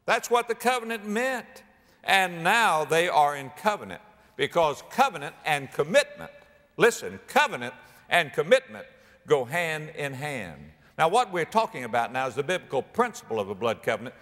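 A man preaching a sermon, dramatic and animated, acting out biblical speakers and rising to near-shouts. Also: mid-range voice, long reverb tail.

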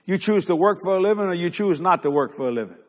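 High-voiced older man preaching in a hall. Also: lively intonation, fast talker. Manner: builds to loud emphatic preaching, stretching key words; calls on the congregation for responses. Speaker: pastor. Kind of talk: sermon. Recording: long reverb of a large hall.

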